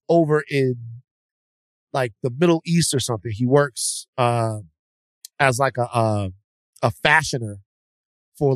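This podcast co-host has a mid-range voice with a fairly bright tone, captured in a dry, clean studio recording. He tells a story in a loose, slangy way, rambling and restarting as he goes.

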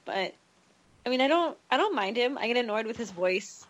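A woman's voice: fairly high pitch, lively intonation, normal speed. A woman co-hosting a casual sports podcast, frank and opinionated, with hesitant restarts. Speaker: podcast co-host.

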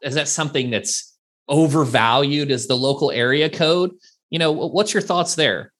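Man, podcast host, animated storyteller, casual chat. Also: a little high, moderate pace. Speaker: CEO, business owner. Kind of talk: conversational podcast interview.

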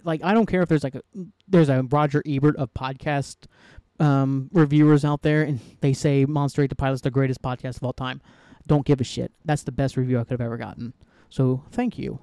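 A man's voice: mid-range voice, fairly even intonation, a little fast, dark tone, dry recording, clean studio sound. A man hosting his own solo podcast, talking casually and ranting heatedly, swearing a lot and rambling with many fillers. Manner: heated, profane, rambling with frequent "like". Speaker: podcast host.

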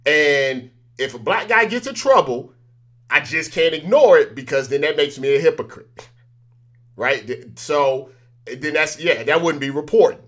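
A male news commentary host speaks straight to his viewers in a casual on-camera way, stressing and repeating his points and chuckling in between. His fairly high voice is animated, unhurried, and a bit bright.

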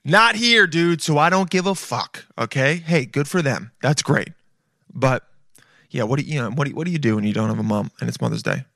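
A man's voice: a little high, animated, a little fast, sharp tone, no room sound, clean studio sound. A man hosting a podcast in a casual, rambling comedic monologue, swearing freely and calling listeners dude. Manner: profane, rambling, chummy, says dude a lot. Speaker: podcast host.

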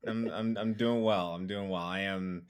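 A man guest on a podcast, chatting casually in a rambling, animated way with halting restarts. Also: low-pitched. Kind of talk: casual chat.

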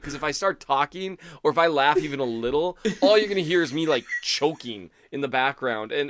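A man's voice: a little high, fairly bright tone. A man co-hosting a podcast in casual chat, telling a teasing story, laughing and mimicking his friend. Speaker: podcast co-host.

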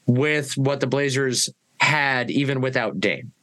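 Mid-pitched man explaining on a sports podcast. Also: unhurried, a bit bright. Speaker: podcast co-host. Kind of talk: casual sports podcast chat.

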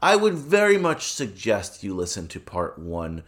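A man's voice: on the low side, wildly swooping pitch, moderate pace. A man co-hosting a casual film podcast, a bit tipsy from wine, rambling and tripping over his words. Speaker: podcast co-host.

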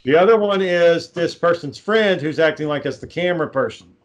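A man in casual chat, rambling through a low-budget horror film plot, swearing freely and acting out the characters' lines. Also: brisk, lo-fi sound. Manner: rambling, profane, acts out quoted lines. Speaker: amateur filmmaker pitching a script.

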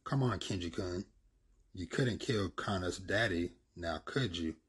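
A man voicing a masked male cult leader who speaks in a quiet, smug, taunting way. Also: low-pitched, a little slow, breathy edge, heavily acted.

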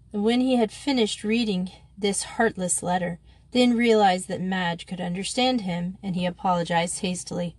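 A woman narrating a children's novel in a steady, measured reading. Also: medium pitch, dry recording. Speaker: audiobook narrator. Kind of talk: scripted narration.

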